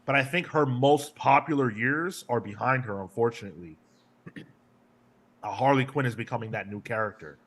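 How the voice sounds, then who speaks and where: A man's voice: medium pitch, normal speed, fairly bright tone. A man hosting a casual comics podcast, joking and reading out listener comments. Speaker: podcast host. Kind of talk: casual chat.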